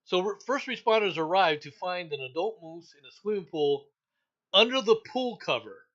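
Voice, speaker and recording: A man's voice: high voice, expressive, normal speed, a bit bright. A man hosting a casual news commentary show, reading stories aloud with wry asides and frequent laughter. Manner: laughs often, wry asides, mock quotes. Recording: dull lo-fi sound.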